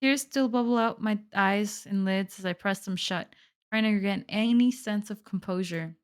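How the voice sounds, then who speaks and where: A woman's voice: medium pitch, moderate pace, clean tone. A woman playing a horror visual novel, reading the story aloud and reacting with lots of swearing and casual slang. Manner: reactive, swears a lot, says "bro". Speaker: gaming streamer. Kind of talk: let's play commentary and reading game text aloud.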